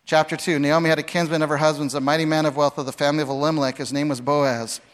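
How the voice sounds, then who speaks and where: A man in the pulpit with a somewhat high voice delivers a dramatic sermon. He lurches from shouted, acted-out lines to low, quiet passages, telling the story with lots of energy. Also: flat delivery, rapid-fire. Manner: dramatic, acts out voices with big swings from shouting to hushed. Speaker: pastor.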